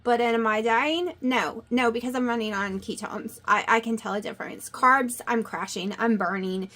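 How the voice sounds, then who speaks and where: A woman chatting casually to her viewers while cooking at home, excitable and rambling, talking into a clip-on mic. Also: on the high side. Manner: rambling, excitable, talks fast in bursts. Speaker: vlogger. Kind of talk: casual vlog chat. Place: home kitchen, cooking at a griddle. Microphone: new clip-on wireless mic, sometimes clipped to the stove away from her.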